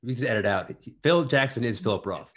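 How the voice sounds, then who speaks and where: A young man co-hosting a podcast, joking around in casual chat and riffing bits with quick restarts. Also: mid-range voice, fairly bright tone. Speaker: podcast co-host.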